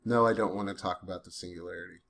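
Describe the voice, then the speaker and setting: A man's voice: low voice, steady tone, rapid-fire, creaky, fairly bright tone. A man talking to a voice assistant, saying punctuation aloud and questioning it with growing irritation. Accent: says he has a weird accent. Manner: speaking punctuation aloud, testing and bantering; grows irritated, curses. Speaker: user testing a chatbot. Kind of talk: dictating to a voice assistant.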